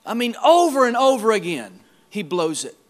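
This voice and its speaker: A male pastor preaching a sermon in a church service, emphatic, repeating words and swinging between quiet and loud. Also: high voice, big pitch swings, moderate pace.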